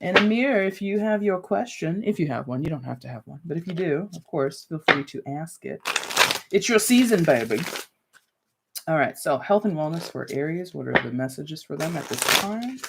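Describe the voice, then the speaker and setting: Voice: mid-range voice, animated, fairly quick, creaky, hardly any pauses, very noisy. A tarot reader doing a casual live-stream reading, talking loosely and directly to viewers and peppering sentences with "like" and "you know". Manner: talks straight to viewers with light laughs.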